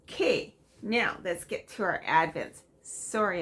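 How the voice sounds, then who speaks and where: A woman's voice: lowish voice, lively intonation, unhurried, a bit bright, a little hiss or hum. A middle-aged woman chatting casually at home as a cross-stitch vlogger, rambling with frequent ums and small laughs. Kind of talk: casual chatty show-and-tell.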